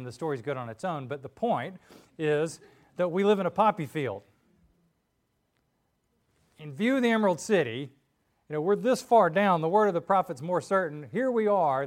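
A man preaching a sermon in a conversational, candid way, animated as he retells stories. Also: medium pitch.

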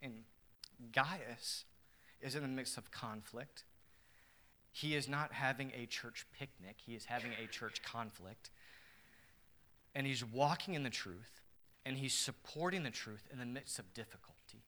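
Bright, earnest male pastor preaching. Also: mid-range voice, a little slow, long pauses. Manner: earnest, emphatic, swinging between quiet and loud. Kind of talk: sermon.

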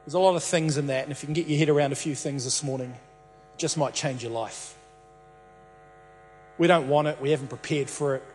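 A man's voice: fairly high pitch, a little fast, pauses often, in a large hall, soft background music. A man preaching a sermon as a pastor, telling a Bible story playfully and returning to the same catchphrases again and again.

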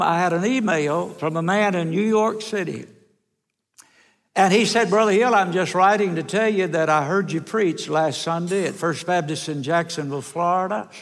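A male traveling evangelist preaching a revival sermon in a church, earnest and storytelling, slowing down for emphasis. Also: high voice, vocal fry, fairly bright tone. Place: large church sanctuary. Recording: echoey sanctuary with long reverb.

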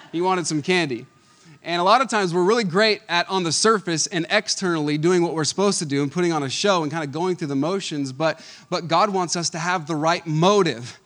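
A man in his thirties preaching a conversational Sunday sermon. He is animated and chuckles often, swinging between loud emphasis and quiet asides. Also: high voice. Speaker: pastor.

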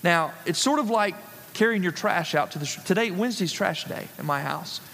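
High-voiced pastor preaching in a reverberant church. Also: male voice, lively intonation, normal speed, creaky, fairly bright tone. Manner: emphatic, repeats key phrases for stress. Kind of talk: sermon. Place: church sanctuary.

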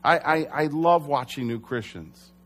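A man's voice: a little high, lively intonation, unhurried. A young adult man preaching a sermon as pastor, earnest and conversational, sometimes correcting himself.

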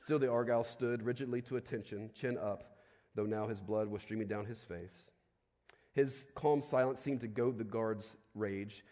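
A man preaching a sermon in a conversational way, often asking "right?", and dropping to a quiet, slow voice for solemn points. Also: on the low side, fairly even intonation. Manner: conversational preaching with frequent tag questions. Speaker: pastor. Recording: long hall reverb.

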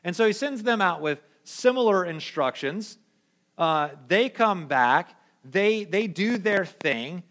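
A young adult male pastor giving a casual, conversational sermon in an animated, slangy way. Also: high voice, slow pace. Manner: animated, slangy, acts out quoted voices.

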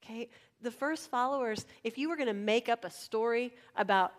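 A woman preaching a sermon in a conversational way, asking her listeners direct questions and swinging between loud emphasis and hushed, near-whispered lines. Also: a little high, normal speed.

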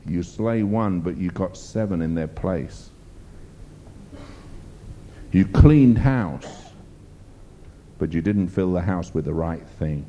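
Low dark preacher guy, emphatic rambly sermon, faint rumble behind. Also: fairly even intonation, moderate pace, hardly any pauses. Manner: emphatic, rambling storytelling with fillers.

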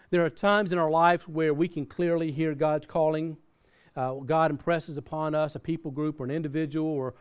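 A man's voice: a little high, clear, resonant tone. A man preaching a sermon as pastor, earnest, often repeating and restarting words, and reading scripture aloud. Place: church in Australia.

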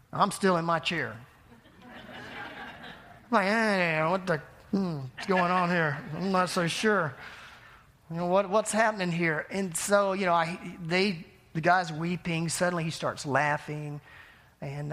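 A man preaching a sermon, telling a personal story in a conversational, animated way with self-deprecating laughs. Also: on the high side. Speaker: pastor.

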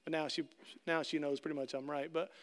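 A man's voice: fairly high pitch, level tone, fast. A middle-aged man preaching a conversational sermon, asking the congregation questions and acting out little scenes with jokes. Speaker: pastor.

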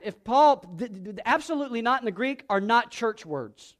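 High-voiced preacher with call-and-response questions. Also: male voice, big pitch swings, moderate pace, hardly any pauses. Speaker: pastor. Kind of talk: sermon.

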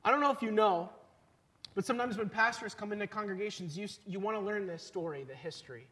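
Guy preaching, pretty high voice, chatty storytelling sermon. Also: bright, forceful tone, husky. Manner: storytelling, conversational, pauses for emphasis. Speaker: pastor.

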